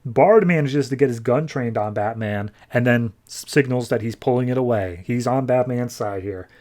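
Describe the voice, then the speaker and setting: A man's voice: medium pitch, moderate pace, a little mellow. A man hosting a podcast, retelling comic book plots in a casual, chatty way full of fillers. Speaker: podcast host.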